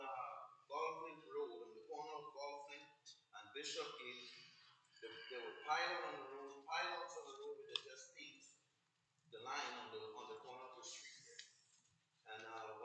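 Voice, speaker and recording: A nervous man with a non-native English accent, speaking haltingly as a resident addressing a council meeting. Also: medium pitch, background noise. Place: council chamber. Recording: roomy, distant council chamber sound.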